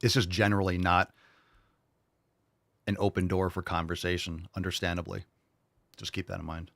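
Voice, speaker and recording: A man's voice: low-pitched, flat delivery, vocal fry, fairly bright tone, no echo, studio quality. A young man hosting a live podcast, joking and irreverent as he answers viewer questions. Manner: joking, irreverent, quick asides and put-on voices. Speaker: podcast host.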